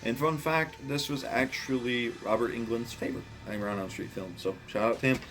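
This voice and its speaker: A man casually ranking horror films, speaking bluntly, swearing often and getting excited about what he likes. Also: mid-range voice, a little fast, soft background music. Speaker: movie reviewer. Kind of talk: casual film ranking monologue.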